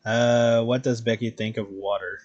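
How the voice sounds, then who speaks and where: A man streaming while he draws, chatting casually in a relaxed, rambling way with plenty of swearing. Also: medium pitch, normal speed, dull audio. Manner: relaxed, profane, rambling with chuckles. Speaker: streaming artist. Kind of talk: casual chat while drawing.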